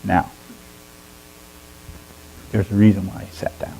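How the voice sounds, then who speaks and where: A man telling a long story to a fellowship gathering in an animated way, often chuckling. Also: deep voice, slow, creaky, a little hiss or hum, low-quality recording. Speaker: speaker at a fellowship service. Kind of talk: storytelling sermon.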